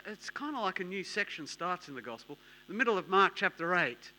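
Male preacher, slightly high voice, bright and emphatic, repetitive sermon delivery. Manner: emphatic, repetitive, swings between hushed and loud.

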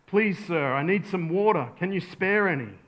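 A preacher doing a desperate thirsty traveller. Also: male voice, high voice, lively intonation, moderate pace, a bit bright, pitched above the performer's own voice. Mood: pleading. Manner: pleading, rising strain.

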